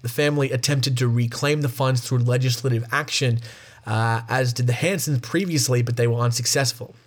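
A man hosting a podcast, reading a true-crime account aloud at a steady pace, with fillers, small restarts and wry asides. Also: medium pitch, a little fast, slightly rough. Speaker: podcast host.

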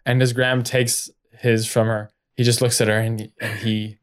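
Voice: mid-range voice, flat delivery, normal speed. A co-host narrating an improvised story, playful and jokey, often breaking into laughter.

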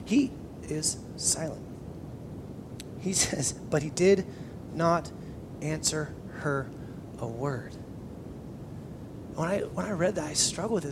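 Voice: mid-range voice, noisy background. Preacher chatting thru a sermon, laid back, acts out the people in the story, mid-range voice. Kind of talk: casual sermon.

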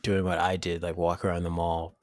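Man, low voice, podcast co-host, teasing, sarcastic, dry sound. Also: monotone, a little fast, no room sound. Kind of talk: casual podcast banter.

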